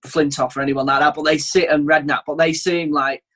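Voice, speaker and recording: A man's voice: on the high side, little pitch movement, brisk, fairly bright tone. A man co-hosting a podcast in casual, self-deprecating chat with loose swearing. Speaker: podcast co-host.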